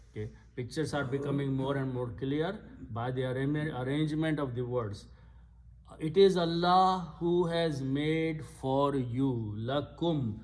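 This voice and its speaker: A man with a medium-pitched, darkish voice gives a patient lesson in an Islamic center classroom. His subject is scriptural Arabic grammar, which he breaks down step by step while repeating the key words.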